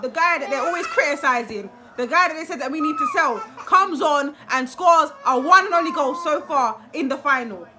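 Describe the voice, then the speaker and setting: A woman's voice: sits high, animated, brisk, bright, forceful tone. A young woman, a football fan giving a live, emotional match reaction full of exclamations and repeated phrases.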